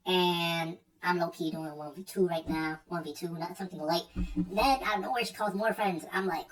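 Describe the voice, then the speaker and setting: A man's voice: high voice, steady tone, fast talker, fairly bright tone. A young man telling a casual, rambling story full of slang and swearing, often repeating himself as he goes. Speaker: streamer. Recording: distant mic with faint music.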